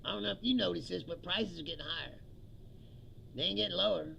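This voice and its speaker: A man's voice: high-pitched, fast, vocal fry, bright, forceful tone, a little hiss or hum, poor audio. A male comedian ranting about politics, profane and mocking, laughing often and acting out what others said. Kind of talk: stand-up style political rant.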